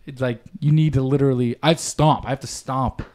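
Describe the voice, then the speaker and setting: A man's voice: mid-range voice, steady tone, brisk, a little mellow. A young man chatting casually on a podcast, telling a rambling, profane story and acting out the people in it. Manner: rambling, swears often, acts out quotes. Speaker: podcast co-host.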